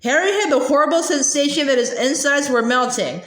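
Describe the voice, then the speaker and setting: A woman's voice: high voice, fairly quick, a bit bright. A woman reading a novel aloud casually, stumbling and restarting now and then, in a roomy echo. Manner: reads with frequent hesitations and restarts. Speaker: reader.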